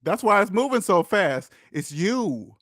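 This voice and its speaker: A man delivers a preachy personal finance monologue straight to his viewers, leaning hard on repetition for emphasis. His voice sits a little high for a man. The recording is dry and close, with no room sound. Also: big pitch swings, a little slow, fairly bright tone, dry recording. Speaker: personal finance channel host. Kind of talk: preachy direct-to-camera monologue.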